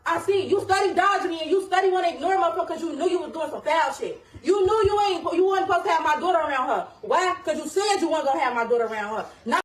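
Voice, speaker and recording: A woman's voice: very high-pitched, lively intonation, fast talker, few pauses, a little hiss or hum. A woman ranting heatedly on a livestream, angry and profane, often laughing as she talks. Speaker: mother speaking on a livestream.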